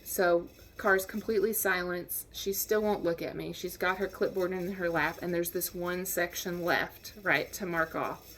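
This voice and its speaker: A woman casually telling a personal anecdote in a lively, wry way, acting out the lines of the people in it. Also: fairly low pitch, measured pace, few pauses, slight background noise. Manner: lively, wry, acts out quotes. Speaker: storyteller.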